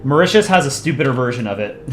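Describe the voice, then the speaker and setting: A man's voice: mid-range voice, animated, fast talker, a bit bright, roomy sound, soft background music. A man casually chatting with his stream audience while drawing, thinking aloud and answering chat requests.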